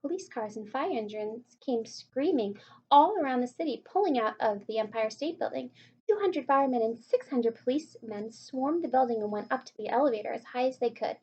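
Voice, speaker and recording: A woman reading a children's book aloud in an unhurried, lightly expressive way. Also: fairly high pitch, slightly rough. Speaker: reader. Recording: muffled lo-fi recording.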